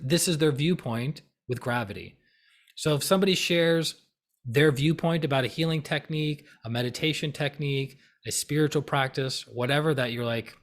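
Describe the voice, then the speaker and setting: A man's voice: a little high, normal speed. A man giving a casual spiritual teaching talk, conversational and full of tag questions, now and then acting out heated voices. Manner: animated, acts out heated voices mid-talk.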